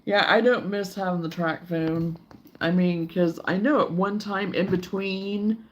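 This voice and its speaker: Hosting a crochet livestream, a sleepy, yawning woman rambles along in an easygoing, chatty way and reads viewer comments aloud. Her voice is medium-pitched and steady, and she speaks a little slowly.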